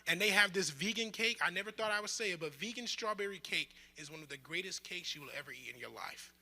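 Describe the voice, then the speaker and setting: A man's voice: sits high, fast. A young man teaching a bible study group in a casual, joking way, acting out quotes as he goes. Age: young adult. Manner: conversational, joking, with lively asides and acted-out quotes. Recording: roomy hall with long reverb.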